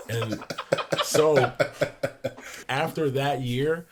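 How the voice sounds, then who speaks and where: A young man in his twenties, a podcast guest, telling lively locker-room anecdotes in a casual way, laughing along. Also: medium pitch, brisk, very noisy. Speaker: podcast guest, pro basketball player. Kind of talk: casual storytelling in a sports podcast.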